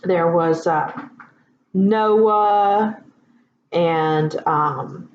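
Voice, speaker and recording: Slow, chatty woman teaching writing. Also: fairly low pitch, a little hiss or hum. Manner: chatty and relaxed, full of ums and asides. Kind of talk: casual classroom instruction. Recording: echoey room, dull lo-fi sound.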